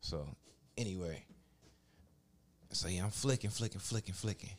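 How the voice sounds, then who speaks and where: A man telling a story in casual podcast chat, profane and animated, acting out the people he quotes. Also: sits low, moderate pace.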